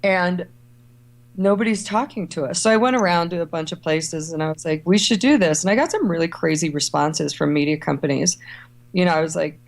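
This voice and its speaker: Gravelly, low, and fairly quick, this woman's voice belongs to a middle-aged travel writer and editor from Ohio and Kentucky. She's a guest in a casual interview, spinning vivid stories and acting out quoted voices.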